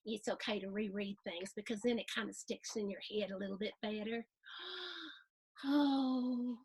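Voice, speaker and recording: A woman hosting a storybook reading for children, animated and sing-song, chatting with her young listeners between pages. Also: medium pitch, fairly quick, breathy edge. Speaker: host reading a picture book to children. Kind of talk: storybook read-aloud for kids.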